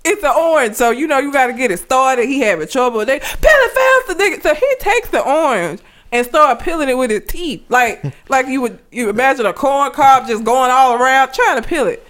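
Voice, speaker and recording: A woman chatting casually, telling a story in an animated, profane way and laughing often. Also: sits high, moderate pace. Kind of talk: casual chat.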